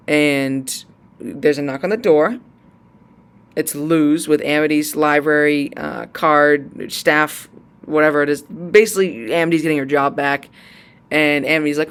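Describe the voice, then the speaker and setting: Young man, excitable rambling recap, fairly high voice, smooth clear tone, strained after long talking. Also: normal speed. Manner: excitable, rambling, many fillers. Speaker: YouTuber discussing a cartoon series. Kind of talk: casual episode recap.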